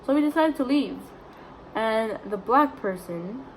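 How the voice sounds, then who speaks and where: A woman's voice: fairly high pitch, animated, measured pace, slight background noise, low-quality recording. A young woman vlogger casually retelling a story, chatty and indignant, full of "like"s.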